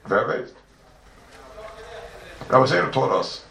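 A man teaching a Talmud class, animated and full of rhetorical questions, heard from a distance in an echoey room. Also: mid-range voice, slow, creaky, slight background noise. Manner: animated, rhetorical questions, Yeshivish mix of Hebrew and Yiddish terms. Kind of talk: Talmudic lecture. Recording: echoey room, distant mic, faint ambience.

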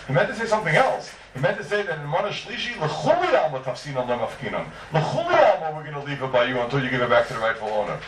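A man giving a Talmud lecture in a lively, sing-song teaching manner, full of rhetorical questions. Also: mid-range voice. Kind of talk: yeshiva-style Talmud lecture. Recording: echoey room heard from far off, faint noise.

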